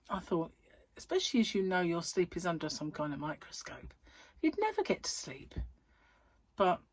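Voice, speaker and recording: Middle-aged woman vlogger, tired, rambling and giggly, lowish voice, dry close sound. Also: dry recording. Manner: chatty, rambling, giggly storytelling. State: yawning, tired. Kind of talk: casual chat to camera.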